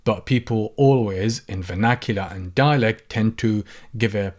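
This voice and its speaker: A man's voice: fairly low pitch, normal speed. A man teaching a language lesson, patiently saying each example phrase several times before explaining it. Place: lives in the UK.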